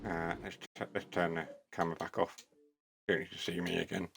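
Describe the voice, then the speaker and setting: A chatty man talking loosely through a live stream, wandering from topic to topic with a self-deprecating edge. His voice sits somewhat low. A faint background hum runs under his talk. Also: level tone, brisk, vocal fry, a bit bright. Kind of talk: casual live-stream chat.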